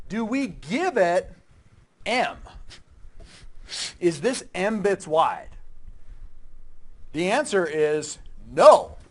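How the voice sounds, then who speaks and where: Lively high-voiced male lecturer. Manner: lively, keeps checking in with "okay?" and quizzing students. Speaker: university lecturer. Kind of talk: classroom lecture. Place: lecture room with students.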